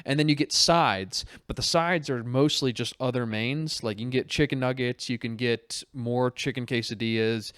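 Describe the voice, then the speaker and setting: A man's voice: mid-range voice, moderate pace, hardly any pauses, smooth, no room sound, studio quality. A young man, a stand-up comic co-hosting a podcast, telling stories in casual comedic chat and acting out the voices of the people in them. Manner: animated storyteller, acts out quoted voices.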